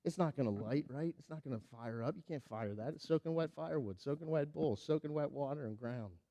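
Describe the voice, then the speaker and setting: A man preaching a sermon, telling a Bible story with lively acted-out voices and then dropping to a quiet, earnest tone. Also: fairly high pitch, a little fast. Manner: animated storytelling, acting out the characters with big swings in loudness; drops to a quiet, earnest tone when applying the lesson. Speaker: pastor.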